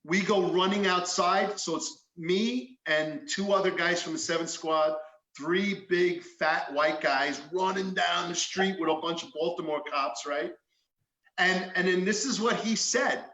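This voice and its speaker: A man's voice: high-pitched, unhurried, bright, forceful tone, echoey room, poor audio. A man, a former police detective, telling a story in a podcast chat, acting out quotes and swearing freely.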